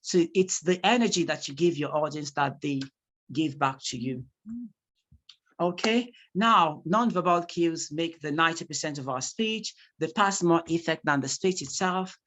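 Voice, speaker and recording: A public speaking teacher giving an online class over a video call, acting out examples with lively emphasis. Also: mid-range voice, normal speed. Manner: animated, acts out examples.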